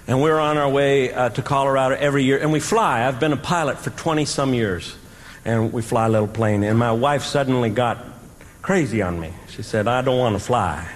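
A man's voice: medium pitch, a little fast. Older man telling a folksy story. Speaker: stand-up comedian. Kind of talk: stand-up storytelling. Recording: reverberant hall, faint noise.

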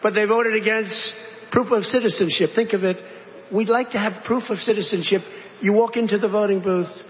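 High-voiced man rambling in a hall. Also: fairly even intonation, normal speed. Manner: digressive, repetitive, conversational asides. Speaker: politician. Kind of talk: rambling political speech. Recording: reverberant hall, dull lo-fi sound.

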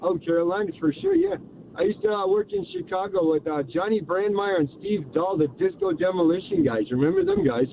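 An older man calling in to a radio show, talking in a rambling, halting way. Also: high voice, wildly swooping pitch, gravelly. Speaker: caller. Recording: noisy phone line from a moving vehicle.

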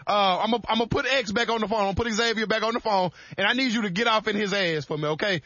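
A man plays a mock-stern police officer in a radio prank call, drawling and teasing. His voice is bright and forward. The sound is dry and dull, like lo-fi broadcast audio. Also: high-pitched, fast, no echo. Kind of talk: prank call bit on a morning radio show.

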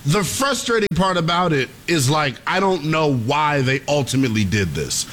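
A man co-hosting a sports radio talk show, animated and quick with a ready laugh. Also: on the high side, a little hiss or hum. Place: radio studio.

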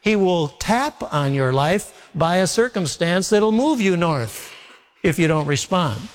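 A man's voice: high-pitched, lively intonation, slow. A male pastor preaching a sermon in a folksy, repetitive way, telling homely stories. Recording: long reverb of a large hall.

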